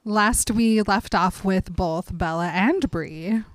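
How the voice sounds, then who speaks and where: A young woman co-hosts a podcast in an upbeat, playful voice. The sound is dry and close. Her pitch is middling. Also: takes it slowly, dry recording. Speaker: podcast co-host. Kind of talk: casual chat.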